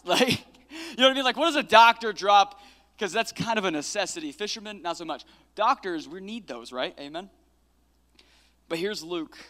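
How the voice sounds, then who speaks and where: High, bright-voiced pastor in a reverberant hall. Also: male voice, fairly quick. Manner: energetic, casual asides, swells into fervent prayer. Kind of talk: sermon with Bible storytelling and prayer. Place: church sanctuary.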